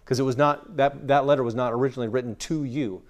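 A man from West Texas gives a relaxed, conversational Bible lecture to a room of people. His pitch sits in a middling range for a man. He talks his audience through ideas with homely anecdotes and quick acted-out quotes. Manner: chatty, explains through everyday stories and acted-out quotes. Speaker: Bible teacher.

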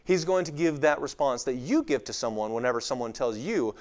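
A man's voice: mid-range voice, expressive, brisk, darkish tone. Man with a light West Texas accent. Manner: conversational, with frequent fillers and acted-out quoted voices. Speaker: speaker teaching on the Bible. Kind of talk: informal lecture to a live audience.

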